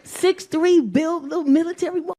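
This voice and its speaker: A woman's voice: extremely high pitch, steady tone, normal speed, mellow. A woman in her forties doing stand-up, telling brash, profane family stories and acting out the people in them. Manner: brash, profane storytelling with acted-out family voices. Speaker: stand-up comedian. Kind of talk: stand-up comedy. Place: comedy club stage. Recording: live room with laughing audience.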